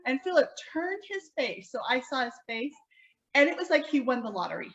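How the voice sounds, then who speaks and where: A woman's voice: high voice, expressive, quick pace, bright, forceful tone. A middle-aged woman sharing tender, heartfelt memories of a family member at a gathering, recorded from a distance on a dull lo-fi mic. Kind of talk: personal memorial storytelling.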